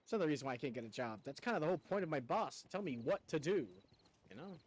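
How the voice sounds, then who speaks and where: A male streamer talks through his game in loose, rambling commentary, tripping over his words and mocking himself. His voice sits high and swings widely in pitch. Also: expressive, racing. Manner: rambling, stammering, self-mocking. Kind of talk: casual gameplay commentary.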